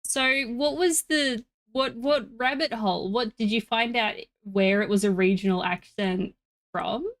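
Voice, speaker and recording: A woman's voice: on the high side, a little slow, fairly bright tone. A woman streaming a game live, chatting casually with her viewers and talking to her pet in asides.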